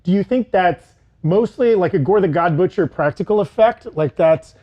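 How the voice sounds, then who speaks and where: A man hosting a casual panel chat who talks in a lively way and reads out viewer comments and poll results. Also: high voice, moderate pace, lo-fi sound. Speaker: show host.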